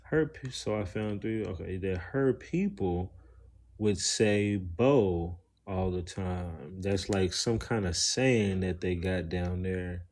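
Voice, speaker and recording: A man's voice: sits low, takes it slowly, a little mellow. A man, talking casually and rambling on a live stream, swearing, using slang and greeting his viewers.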